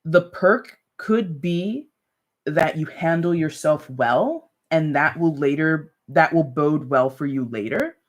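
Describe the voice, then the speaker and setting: A tarot reader hosts a relaxed live stream, speaking slowly in a mid-range voice and chatting to viewers like friends. Between card readings her talk rambles loosely, full of "like" and "you know," and she addresses viewers directly with small, light laughs.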